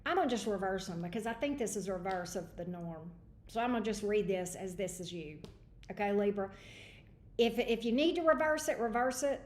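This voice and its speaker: A woman's voice: medium pitch, fairly quick, a little mellow, slight background noise. A woman hosting a livestream tarot reading, chatty and greeting viewers by name. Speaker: tarot reader. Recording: echoey room.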